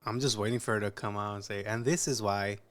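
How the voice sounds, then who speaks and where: A man's voice: fairly low pitch, fairly even intonation, quick pace, a bit bright. A man hosting a reaction video, making crude joking asides. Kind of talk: casual reaction commentary.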